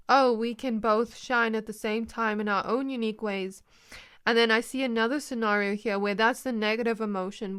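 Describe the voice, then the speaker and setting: A woman with a fairly high voice gives a casual tarot reading. Her tone is smooth and clear as she rambles and acts out small scenes for the viewer. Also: fairly bright tone. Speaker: tarot reader. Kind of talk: casual spiritual reading to camera.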